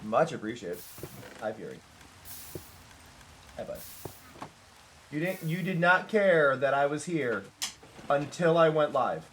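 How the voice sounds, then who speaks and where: A man chatting playfully and excitably with viewers during a live gaming stream. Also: on the high side, takes it slowly, long pauses, a little hiss or hum. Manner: playful, excitable, talks to chat.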